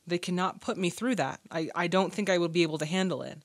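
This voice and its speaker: A woman's voice: fairly low pitch, fast talker, a little hiss or hum. A woman hosting a casual movie reaction, exclaiming and laughing often as she comments.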